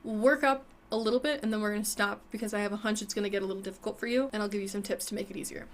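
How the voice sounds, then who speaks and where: A woman's voice: mid-range voice, fairly even intonation, rapid-fire. A young woman teaching an online singing lesson, explaining technique and demonstrating exercises between explanations.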